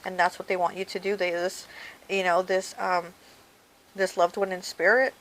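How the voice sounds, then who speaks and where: A woman with a fairly low voice gives a casual tarot reading to her viewers. She talks to them directly and chattily, dropping "okay" and "you know" as she goes. A steady hiss runs under the recording. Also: normal speed, low-quality recording. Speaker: tarot reader.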